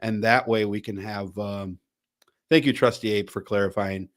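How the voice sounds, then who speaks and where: A man's voice: on the low side, steady tone, normal speed. A man hosting a casual podcast, rambling with frequent restarts and the occasional swear word. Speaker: podcast host. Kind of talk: casual chat.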